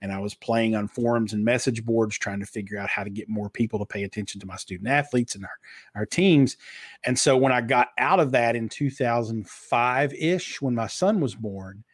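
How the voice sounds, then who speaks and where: A man's voice: mid-range voice, moderate pace, dry recording, studio quality. Middle-aged man with a slight Kentucky twang. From Eastern Kentucky. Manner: practiced broadcaster delivery, long flowing answers. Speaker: guest, author and marketer. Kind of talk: casual interview.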